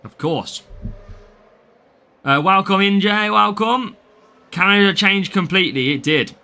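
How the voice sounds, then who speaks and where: Chatty English streamer, slightly higher voice, reads chat and greets viewers. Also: male voice, unhurried, sharp tone. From England. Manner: chatty, greets viewers by name, laughs often. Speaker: game streamer. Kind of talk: live gameplay stream, reading chat.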